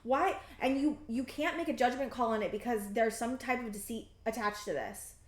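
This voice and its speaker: A woman in her thirties reads tarot cards in a slightly high voice, her sentences halting and circling back with fillers as she searches for meaning. She speaks with earnest emotional intensity. The sound carries a noticeable echo, as if from a bare room. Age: 30s. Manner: rambling, halting and earnest, many fillers and restarts; emotionally intense, close to tears at times. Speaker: tarot reader. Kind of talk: pick-a-card tarot reading.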